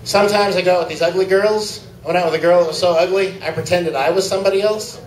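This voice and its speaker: A man's voice: sits high, fairly even intonation, fast, reverberant, recorded from a distance, a little hiss or hum, poor audio. A man doing a crude open-mic stand-up set in a small club, laughing at his own jokes. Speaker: stand-up comic.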